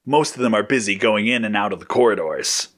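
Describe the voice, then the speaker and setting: A man's voice: on the low side, a little fast, a bit bright. A man voicing a cocky, laid-back male hero who talks casually. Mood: breezy. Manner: casual, breezy.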